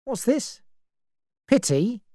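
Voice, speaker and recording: A woman narrator voicing a cold, dangerous man who speaks slowly and menacingly, in a story reading. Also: a little high, very animated, warm tone, no echo, studio quality, voice pushed up, full character voice. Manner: slow, dangerous.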